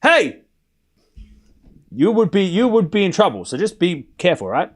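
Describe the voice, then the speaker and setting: Man, livestream tennis commentator, casual play-by-play, slightly high voice, very animated pitch. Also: moderate pace. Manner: animated, bantering with chat.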